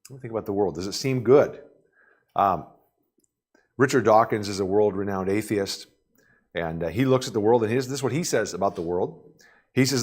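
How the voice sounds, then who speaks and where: A man's voice: on the low side, a little fast, pauses often, darkish tone, husky. Male pastor, church sermon, conversational delivery with rhetorical questions.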